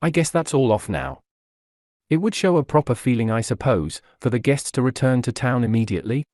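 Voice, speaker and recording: A man voicing a slow-drawling American gentleman, polite and genteel, with an American accent. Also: medium pitch, very animated, no room sound, clean studio sound, natural voice. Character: slow-drawling American male art collector.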